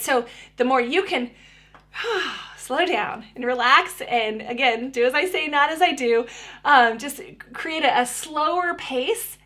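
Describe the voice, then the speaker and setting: Bright high-voiced woman giving speech tips. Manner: friendly, conversational, with many restarts. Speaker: speech therapist. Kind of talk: parenting tips video.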